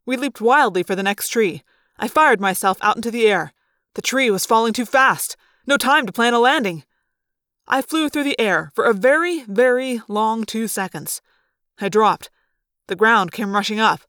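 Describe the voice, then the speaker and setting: Female narrator for a storybook read-aloud, expressive and measured, dry close sound. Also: a little high, no room sound. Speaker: reader.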